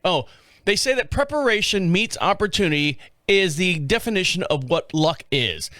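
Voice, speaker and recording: A male podcast host rambles casually in a folksy, jokey way. His voice sits a touch high and sounds smooth and clear. It is close-miked in a dry studio. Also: expressive, normal speed, bright, forceful tone, no room sound. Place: small radio studio. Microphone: studio microphone.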